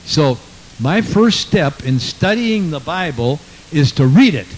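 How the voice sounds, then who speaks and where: A man's voice: a little high, big pitch swings, slow, a little hiss or hum, rough recording. A man preaching a sermon with fervent conviction, reading scripture aloud and repeating his praise phrases.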